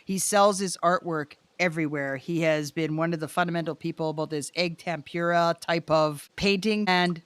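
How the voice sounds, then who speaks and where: Expressive middle-aged woman, dry close sound. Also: on the low side, moderate pace, hardly any pauses, smooth, no room sound. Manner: expressive, excitable, swears freely. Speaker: guest, muralist. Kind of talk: casual storytelling.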